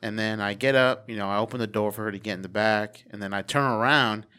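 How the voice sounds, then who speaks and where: A man's voice: lowish voice, fairly even intonation, fast, pushed and bright, smooth. Laughing, rambling male podcast co-host. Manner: rambling storyteller, laughs a lot, swears. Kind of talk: casual chat.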